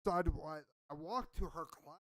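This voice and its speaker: Male podcaster, casual profane storyteller, a bit high-voiced, dry close sound. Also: moderate pace, no echo. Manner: profane, rambling, self-mocking. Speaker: podcast co-host.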